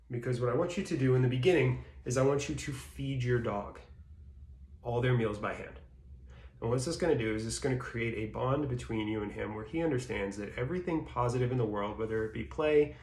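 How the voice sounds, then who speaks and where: A man's voice: mid-range voice, darkish tone. A man explaining dog training step by step in a plain instructional way. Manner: plain explanatory, acts out baby-talk praise in bursts. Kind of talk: instructional talk. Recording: roomy echo.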